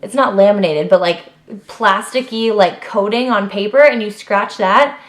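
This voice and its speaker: This animated young vlogger talks directly into her camera at a normal speed, rattling off personal details casually and without a script. She leans on fillers like "like" and drifts into trailing asides, her ordinary mid pitch leaping upward whenever she gets worked up.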